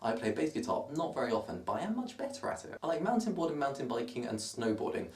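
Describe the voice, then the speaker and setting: Talking quickly in a sing-song, medium-pitched voice, a twenty-year-old from Surrey chats to a distant camera in his roomy bedroom. He has a southern English accent and a self-deprecating, wandering style for this casual monologue.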